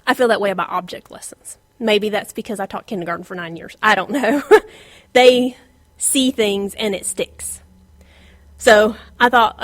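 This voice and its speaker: Woman, middle-aged, informal Bible lesson, lively delivery, drops to whispers, dry close sound. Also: medium pitch, normal speed, no room sound. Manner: animated, laughs often, drops to a whisper for emphasis. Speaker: Bible teacher.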